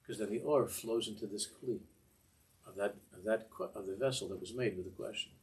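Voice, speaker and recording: A man's voice: fairly low pitch, fairly quick. Older man giving a rambling Torah class. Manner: discursive, repeats words, mixes Hebrew phrases. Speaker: Torah teacher.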